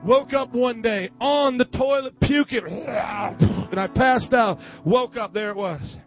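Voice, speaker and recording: High-voiced preacher man, lo-fi recording. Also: slow pace. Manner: call-and-response preaching, swings from hushed to loud. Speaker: pastor. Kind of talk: sermon. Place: church service. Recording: dull lo-fi church recording with faint music.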